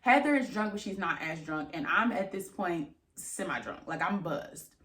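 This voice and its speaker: A young vlogger with a lowish voice tells an exasperated storytime at normal speed in an echoey room. She's casual and animated, acting out lots of quoted dialogue and cursing along the way.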